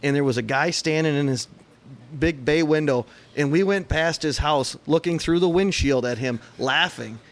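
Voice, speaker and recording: A man's voice: a little high, normal speed. A man from Michigan with a Michigan accent, co-hosting a casual podcast and telling stories in a dry, laid-back way. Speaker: podcast co-host. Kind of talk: casual chat.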